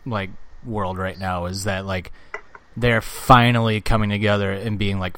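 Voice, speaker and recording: A man's voice: fairly low pitch, fairly even intonation, unhurried, fairly bright tone, a little hiss or hum. A man co-hosting a podcast, chatting bluntly and swearing often. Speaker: podcast co-host. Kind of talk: casual chat.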